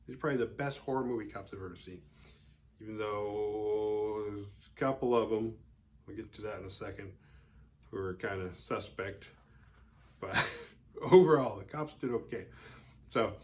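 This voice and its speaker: A man with a somewhat low voice talks his way through a horror film's plot as a podcast host. His telling is loose and casual, full of "like" and restarts. He drops in a dry, amused comment here and there. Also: moderate pace, long pauses, bright, forceful tone. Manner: rambling, loose retelling full of "like" fillers. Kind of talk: casual spoken film recap.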